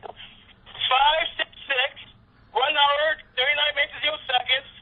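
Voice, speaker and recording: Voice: high-pitched, level tone, unhurried. A caller to a radio show, accusing and rambling, repeating timestamps while arguing with the host. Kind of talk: angry call-in argument. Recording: tinny phone line.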